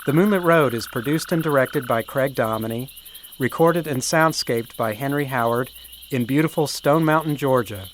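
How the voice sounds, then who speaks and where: Male show host reading credits in a friendly, even manner, soft night ambience underneath. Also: medium pitch, normal speed, a little hiss or hum. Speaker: show announcer. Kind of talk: scripted outro. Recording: faint night ambience behind. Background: night crickets and frogs.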